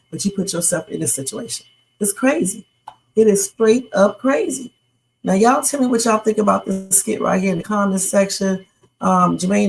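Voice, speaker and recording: A woman's voice: medium pitch, gravelly, slight background noise, rough recording. Chatty woman hosting a reaction stream. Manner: chatty, opinionated, talks to the chat. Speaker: livestream host reacting to sketches. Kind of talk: casual reaction livestream.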